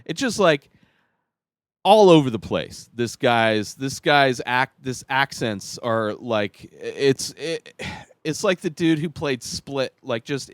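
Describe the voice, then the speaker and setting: A man's voice: medium pitch, dry recording, studio quality. Man rambling through a critical film review. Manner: rambling, halting, many restarts and fillers; exasperated, critical. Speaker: podcast host reviewing a film. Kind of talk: casual spoken movie review.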